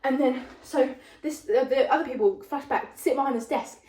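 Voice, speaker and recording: A young woman, casually retelling a film's plot in a rambling, animated way, full of fillers. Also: sits high, normal speed, distant mic. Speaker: vlogger retelling a film plot. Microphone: phone propped up at a distance. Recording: roomy, voice off the phone mic.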